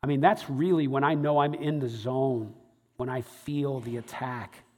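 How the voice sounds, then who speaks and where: Measured and mid-range, a pastor's voice fills a large hall as he shares a personal story in his sermon, animatedly voicing each character.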